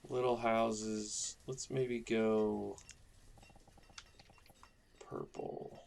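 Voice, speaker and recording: A man's voice: fairly low pitch, little pitch movement, very slow, vocal fry, darkish tone, a little hiss or hum. A man casually commenting on his own gameplay, rambling and thinking aloud as he builds a town. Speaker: gaming YouTuber.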